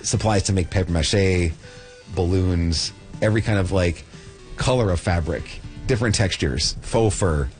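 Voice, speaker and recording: Man, very deep voice, enthusiastic arts director, light music bed. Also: moderate pace, darkish tone. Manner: enthusiastic, listing things off. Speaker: artistic director of a community arts center. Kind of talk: interview.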